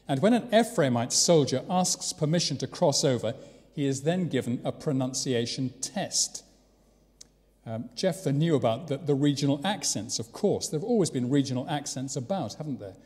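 A man's voice: mid-range voice, animated, normal speed, a little mellow. English male preacher, chatty sermon delivery, wry asides, long church reverb. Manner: conversational with rhetorical questions and wry asides. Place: large church.

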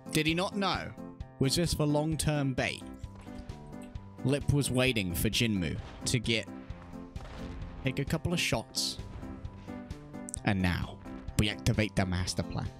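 A man's voice: mid-range voice, expressive, unhurried, long pauses. A man giving comedic, sarcastic voice-over commentary on an esports match, swearing and laughing as he goes. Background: background music.

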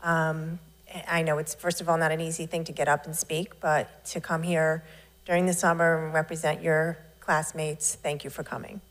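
A woman chairing a school board meeting, responding to public comments in a measured, reassuring way. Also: low voice, flat delivery.

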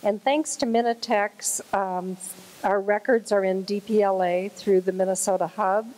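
Mellow woman introducing a conference speaker. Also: medium pitch, fairly even intonation, moderate pace, low-quality recording. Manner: light, chatty, laughs at own jokes. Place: conference hall.

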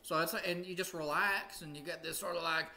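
A man's voice: fairly high pitch, steady tone, fairly quick. A man teaching casually on a livestream, rambling and often breaking into sung demonstrations. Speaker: music teacher hosting a livestream.

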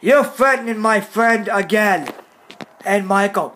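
A man ranting to his phone camera in a vlog, scolding and repeating himself slowly and emphatically. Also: sits high, lively intonation, a bit bright, slight background noise. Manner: repetitive, scolding, slow and emphatic. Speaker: video uploader. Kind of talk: angry vlog rant to camera.

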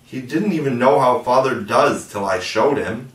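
A man's voice: mid-range voice, moderate pace, a bit bright, lightly acted. A man voicing a boy who grumbles, in a roomy room from a distant mic. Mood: grumbling.

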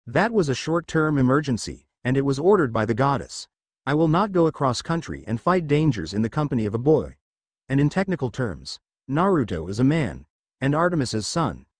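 A man's voice: medium pitch, big pitch swings, fairly quick, no echo. A man voicing a stern, proud young huntress in a storybook reading, speaking formally and dismissively.

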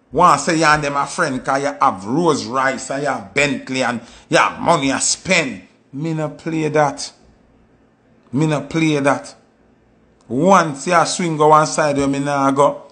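Gravelly Jamaican man telling stories. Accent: Jamaican Patois. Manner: animated, acts out quoted voices with sudden high jumps. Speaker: commentator. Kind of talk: casual storytelling monologue.

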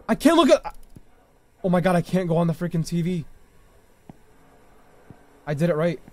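A young man commentating live gameplay to viewers, reacting loudly and yelling when startled. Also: high voice. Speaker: gaming streamer. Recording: faint music behind voice.

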